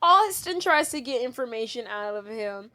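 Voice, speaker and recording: A woman's voice: a little high, normal speed. A woman co-hosting a podcast, recapping a movie in casual chat and laughing often as she tells the story. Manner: giggly, animated storytelling. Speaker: podcast co-host.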